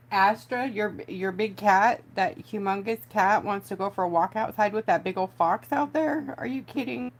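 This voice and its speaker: A woman's voice: mid-range voice, measured pace. A chatty woman, hosting a casual craft livestream from home and talking to her viewers as she works. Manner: chatty, giggly, talks to viewers.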